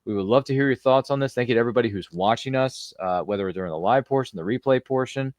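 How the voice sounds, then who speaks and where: A young man hosting a casual movie watchalong, chatty and animated, often reciting film lines. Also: medium pitch, fast talker, dry recording, studio quality. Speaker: host.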